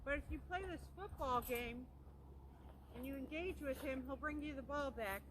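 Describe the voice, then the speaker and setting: Older woman farmer cooing at animals outdoors on a phone, high-pitched, heavy outdoor noise. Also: moderate pace. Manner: chatty, coos and talks to animals. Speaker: farmer and video host. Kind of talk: casual vlog narration. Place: outdoors on a snowy farm. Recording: loud outdoor background noise.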